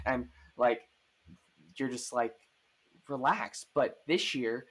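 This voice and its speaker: A man's voice: medium pitch, steady tone, slow. A man hosting a podcast, chatting casually about sports with lots of fillers and restarts. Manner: rambling, full of fillers and restarts. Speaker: podcast host.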